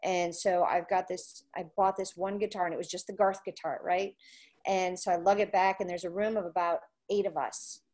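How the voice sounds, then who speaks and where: A woman's voice: lowish voice, moderate pace. A woman, a country music radio personality, telling anecdotes in a casual chat and acting out what others said. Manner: animated storyteller who acts out quoted voices.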